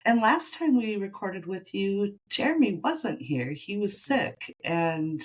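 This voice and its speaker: A woman's voice: medium pitch, big pitch swings, takes it slowly. A woman hosting a podcast in casual chat, a little stuffy from the sniffles. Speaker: podcast host.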